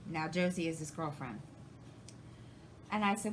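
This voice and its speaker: A woman's voice: sits low, expressive, measured pace, a little hiss or hum, low-quality recording. Rambling woman telling a story. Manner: rambling, retells conversations, many restarts. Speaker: crafting channel host. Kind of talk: casual storytelling to camera.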